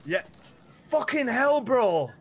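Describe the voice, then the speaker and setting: A man streaming a shooter game, chatty and relaxed, greeting viewers and calling out to his squad over a headset mic. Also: extremely high pitch, slow pace, a little hiss or hum. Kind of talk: casual game voice chat.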